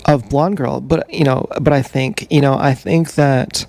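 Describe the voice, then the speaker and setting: A man telling a long, meandering personal story on a livestream, halting and full of fillers. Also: mid-range voice, steady tone, vocal fry, a little mellow. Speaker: streamer. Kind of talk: rambling livestream monologue.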